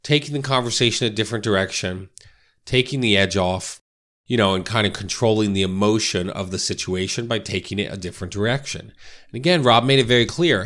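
A man speaks fairly quickly in a fairly low, slightly bright voice while coaching real estate agents. It's casual instructional talk, conversational and full of "right?" and "you know" check-ins.

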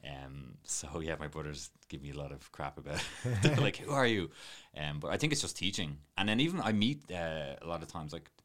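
A man's voice: extremely low pitch, very animated, fairly quick, hardly any pauses, fairly bright tone. A man, a martial arts teacher chatting on a podcast in a rambling, self-deprecating way. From Ireland. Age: late 20s. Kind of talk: casual podcast chat.

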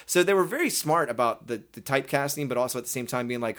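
A man in a relaxed interview, retelling his start as a performer in long, rambling turns. He often restarts a sentence midway and slips into voices to act out what others said. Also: mid-range voice, quick pace. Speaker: guest, stage performer. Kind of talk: casual storytelling interview.

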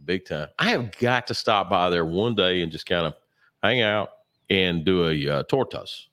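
A man chatting as a co-host, telling stories in a rambling way with lots of fillers and throat clearing, sore and a bit sluggish. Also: sits low, normal speed, a bit bright. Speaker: podcast co-host. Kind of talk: casual chat.

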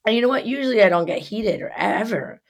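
With a fairly high, animated voice, this young woman races through a story as a podcast co-host. Her casual telling is heated and laced with plenty of swearing.

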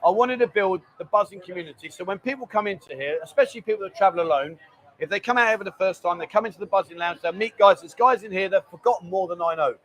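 A man's voice: sits high, fast talker, a bit bright. A man hosting a casual livestream from his bar lounge, chatting and reading out viewer comments. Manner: chatty, banter-filled, reads viewer comments aloud. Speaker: bar owner and livestream host.

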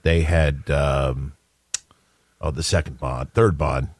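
A man's voice: extremely low pitch, steady tone, slow, dry recording, clean studio sound. A man co-hosting a morning radio show, telling stories with eager enthusiasm. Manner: enthusiastic storyteller, laughing.

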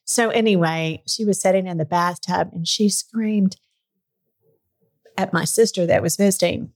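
A woman's voice: lowish voice, fairly quick. A middle-aged woman telling a personal story in a candid, chatty way, sometimes getting emotional. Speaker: podcast guest. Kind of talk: casual storytelling chat.

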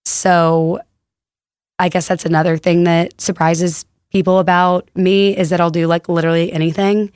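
A woman's voice: fairly low pitch, level tone, moderate pace, a little mellow, clear, resonant tone, no echo, clean studio sound. A young woman from Texas, a podcast guest telling stories in a chatty, casual way with lots of fillers. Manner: chatty, laughs through anecdotes, many "like" fillers. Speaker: podcast guest, store co-founder. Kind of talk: casual conversational storytelling.

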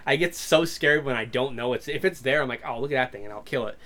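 A man's voice: mid-range voice, fast, sharp tone. A young man co-hosting a podcast, telling stories in casual chat, swearing and laughing often. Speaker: podcast co-host.

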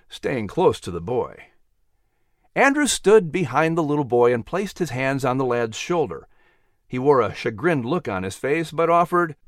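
Man, storybook narrator, expressive, lively pitch, dry close sound. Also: dry recording. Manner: expressive, animated.

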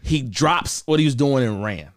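A man, a rapper guest, chatting casually with laid-back slang, dropping to a mutter and then bursting loud when acting out a scene. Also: medium pitch, animated, normal speed, no echo. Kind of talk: casual chat.

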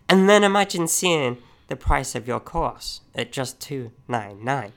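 Gravelly podcast co-host. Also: male voice, mid-range voice, animated, measured pace, hardly any pauses, fairly bright tone. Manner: explains with examples, many fillers. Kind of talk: casual business podcast chat.

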